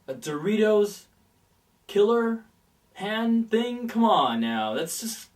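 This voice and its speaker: A man improvising silly horror story pitches in a rambling, casual way, full of "like". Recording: distant mic with guitar music.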